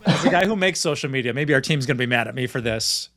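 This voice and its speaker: A man's voice: mid-range voice, animated, fast, sharp tone. A pastor, a man, explaining ideas earnestly as an interview guest, laughing easily and building his points with examples. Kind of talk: conversational interview.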